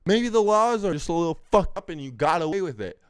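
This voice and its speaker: A man's voice: a little high, animated, fast talker, smooth. A man streaming a reaction, angrily breaking down a clip and swearing constantly as he rants. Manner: angry, swears heavily, talks over the clip. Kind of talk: profane live reaction commentary.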